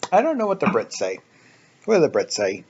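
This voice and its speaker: A man's voice: medium pitch, huge pitch swings, brisk, darkish tone, muffled recording, slight background noise. A man hosting a casual let's play, explaining his building ideas as he thinks aloud, with frequent ums. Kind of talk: casual gameplay commentary.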